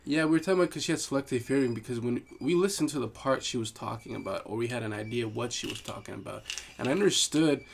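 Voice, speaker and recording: Gravelly-voiced man chatting. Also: medium pitch, fast talker, a little hiss or hum. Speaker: podcast co-host. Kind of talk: casual chat.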